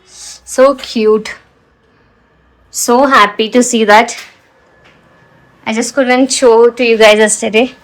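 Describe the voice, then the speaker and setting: A woman's voice: on the high side, fairly even intonation, slow, pauses often, rough recording. A young woman with an Indian English accent, chatting casually to viewers in a home vlog while coaxing her toddler around the house and garden. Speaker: vlogger and mother.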